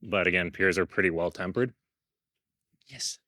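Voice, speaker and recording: A man's voice: deep voice, moderate pace, dry recording, studio quality. A man from a dog rescue, casually explaining a dog's behavior while handling him outdoors. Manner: relaxed, explanatory, coos at the dog.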